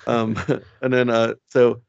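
A man in casual podcast chat, rambling excitedly with lots of fillers and swearing. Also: mid-range voice, gravelly, no room sound, muffled recording. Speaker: podcast co-host. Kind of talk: casual chat recapping comics.

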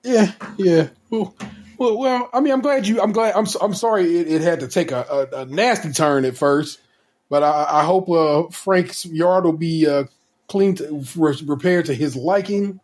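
A podcast host with a notably high voice for a man. He talks in easy, casual chat. He stumbles and repeats himself as he gives folksy advice. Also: moderate pace, a little mellow.

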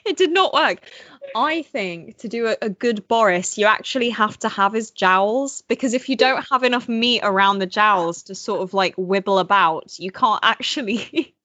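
A woman's voice: mid-range voice, normal speed, bright, forceful tone, no echo. A young woman in casual podcast chat with a neutral English accent, laughing often and poking fun at herself. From Belgium. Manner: chatty, laughs often, self-deprecating. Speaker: podcast co-host.

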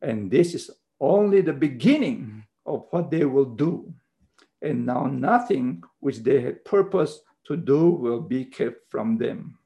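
A man preaching a sermon, teaching slowly through a Bible passage in non-native English phrasing, with emphatic repeated checks like "okay.". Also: mid-range voice, vocal fry, warm tone, poor audio. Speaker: pastor.

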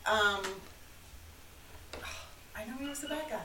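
A woman's voice: a little high, slow. A woman co-hosting a podcast, chatting casually with lots of "like" fillers. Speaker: podcast co-host. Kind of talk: casual chat. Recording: echoey and a bit distant with faint hiss.

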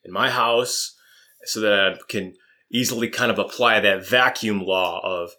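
A man's voice: on the low side, unhurried, sharp tone. A man chatting casually and upbeat, rambling and correcting himself as he talks through his affirmations and plans. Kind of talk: casual chat with spoken affirmations.

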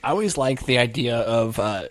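A man's voice: mid-range voice, animated, moderate pace, slight background noise. A man hosting a podcast in casual chat, laid-back and laughing, swearing casually. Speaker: podcast host.

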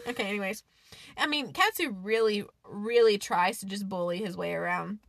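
A woman's voice: medium pitch, normal speed, gravelly, no echo. A woman in her thirties co-hosting a podcast, chatting casually and laughing often. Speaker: podcast co-host. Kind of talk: casual chat.

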